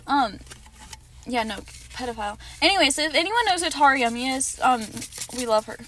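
A woman's voice: high-pitched, expressive, a little fast, a bit bright, a little hiss or hum. A young woman co-hosting a casual podcast, bubbly and gushing, recorded in a car. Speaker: podcast co-host. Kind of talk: casual chat.

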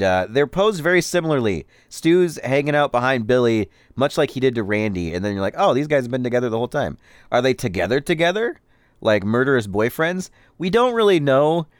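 A man hosting a podcast, casually and jokingly recapping a film, with lots of animated voices. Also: medium pitch, smooth, dry recording, clean studio sound. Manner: chatty, jokey, animated impressions. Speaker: podcast host.

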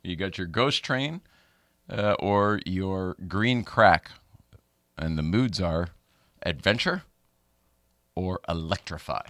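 Lively, bright-voiced man hosting a live chat. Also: deep voice, takes it slowly, pauses often, no echo, studio quality. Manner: rambling, laughing, lots of fillers and restarts. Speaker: show host. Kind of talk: casual live-stream chat.

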